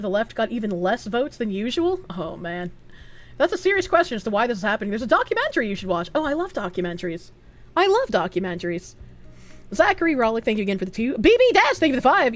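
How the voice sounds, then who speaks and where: A young woman with a Boston accent, chatting bluntly and with plenty of profanity as she reads out her stream chat. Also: a little high. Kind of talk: casual livestream chat.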